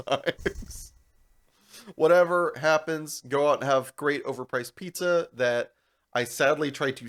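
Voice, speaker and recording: A young man co-hosting a podcast, telling a long story in casual chat, animated and laughing as he goes. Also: medium pitch, vocal fry. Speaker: podcast co-host.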